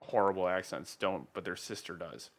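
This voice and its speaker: A man from Pennsylvania in casual chat, blunt and joking, quick to defend himself. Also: deep voice, creaky. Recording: video call connection.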